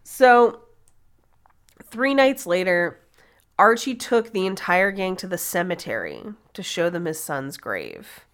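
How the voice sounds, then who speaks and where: A woman's voice: lowish voice, sing-song, takes it slowly, fairly bright tone. A woman podcast host telling a true-crime story in a casual, chatty way, laughing and swearing now and then.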